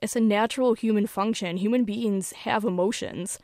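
An earnest teenage boy with a slightly high, smooth voice and a self-conscious suavity, as a woman puts him on while reading her story. He talks in a sincere, mildly awkward way. The reading is dry and close, with no room sound. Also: steady tone, normal speed, darkish tone, no room sound, lightly acted. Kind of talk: fiction reading.

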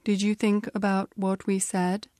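A woman with a British accent voicing a male office boss who speaks in a measured, probing way. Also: medium pitch, little pitch movement, mellow, dry recording, studio quality, close to an everyday voice.

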